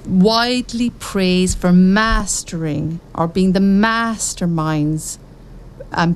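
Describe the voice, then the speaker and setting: A woman's voice: lowish voice, slight background noise. A woman hosting a local radio show, chatty and correcting herself as she goes.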